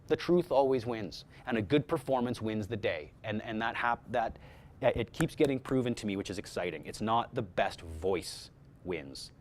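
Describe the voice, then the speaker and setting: A man speaking informally to a workshop audience about voice-over casting, animated, with frequent restarts and repeated words. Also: on the low side, moderate pace, a little hiss or hum.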